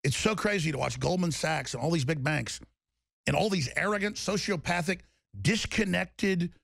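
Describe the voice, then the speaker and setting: A man's voice: fairly high pitch, moderate pace, creaky, a bit bright, no room sound, clean studio sound. A man delivering an angry political rant, heated and emphatic, with mocking asides. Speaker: political commentator.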